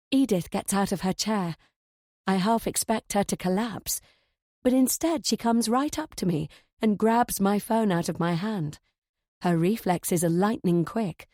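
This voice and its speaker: Mellow woman narrating an audiobook. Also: mid-range voice, unhurried, dry recording, clean studio sound. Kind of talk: first-person audiobook narration.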